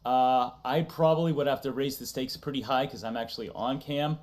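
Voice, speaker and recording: A man's voice: medium pitch, fairly even intonation, brisk, a little mellow. A man hosting a casual livestream chat, talking loosely, laughing often and reading chat messages aloud. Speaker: streamer host.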